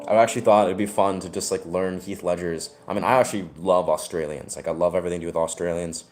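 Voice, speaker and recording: A man talking casually to camera about his hat and music, rambling and laid-back, often pausing to search for words. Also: deep voice, fairly even intonation.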